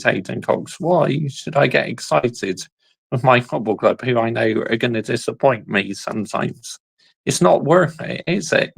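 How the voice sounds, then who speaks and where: Male football host: gravelly voice, dry close sound, animated commentary. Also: mid-range voice, a little slow, no echo, low-quality recording. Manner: animated, exclaiming, laughs often. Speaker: YouTube football channel host. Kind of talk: casual reaction commentary.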